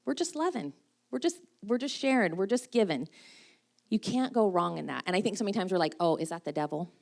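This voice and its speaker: A woman's voice: medium pitch, sing-song, a little fast, creaky. A middle-aged woman giving a casual, self-deprecating talk at a church women's breakfast, laughing often as she speaks. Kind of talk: casual sermon.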